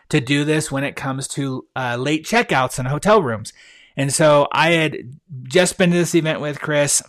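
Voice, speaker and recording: A man's voice: a little high, a bit bright. A man hosting a podcast on his own, talking casually and with enthusiasm, full of fillers and restarts as he tells stories. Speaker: podcast host. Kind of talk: casual solo podcast talk.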